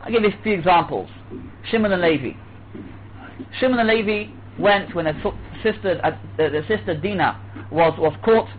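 High-voiced man teaching over a tinny line. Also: normal speed. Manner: animated, acts out voices, restarts often. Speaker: Torah teacher. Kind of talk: Torah class lecture. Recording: tinny phone-like line with faint hiss.

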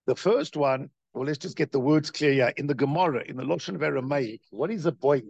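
A man giving a Torah class as its teacher, in an animated, questioning way full of rhetorical questions. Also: on the high side, brisk, vocal fry, slightly rough, dry recording, lo-fi sound.

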